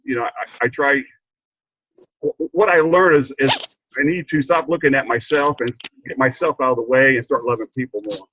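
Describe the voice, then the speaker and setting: A man's voice: mid-range voice, moderate pace, bright, forceful tone, dull audio, slight background noise. An older man sharing a heartfelt personal story on a video call, stumbling and repeating himself, getting choked up. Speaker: training participant. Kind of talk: emotional personal testimony.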